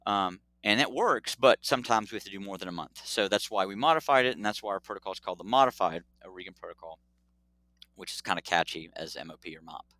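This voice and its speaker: Bright-voiced animated male doctor. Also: low-pitched, quick pace, dry recording. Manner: animated, acts out dialogue, laughs often. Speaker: pediatric urologist guest. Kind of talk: casual storytelling interview.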